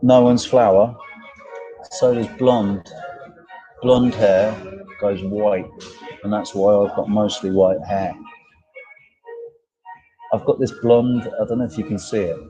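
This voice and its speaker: A man bantering on a live stream, reading out viewers' names and cracking jokes with the odd swear word. His voice is dark and mellow, with faint music behind him. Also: on the low side, steady tone, takes it slowly, long pauses, highs cut off. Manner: banter, greets viewers by name, jokey and sweary. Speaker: livestream co-host. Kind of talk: casual live-stream chat reading comments. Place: outdoors in a park.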